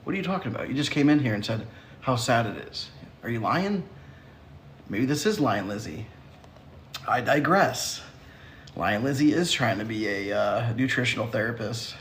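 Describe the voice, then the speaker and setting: A man's voice: mid-range voice, expressive, normal speed, pauses often, fairly bright tone, a little hiss or hum. A man hosting a casual livestream who answers viewer comments in a sassy, teasing way and laughs often. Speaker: livestream host.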